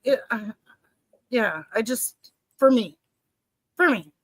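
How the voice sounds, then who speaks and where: A woman's voice: fairly high pitch, lively intonation, takes it slowly, no echo, rough recording. A woman hosting a casual livestream chat, playful and trailing off with fillers as she reads the chat. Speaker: podcast host reading the chat.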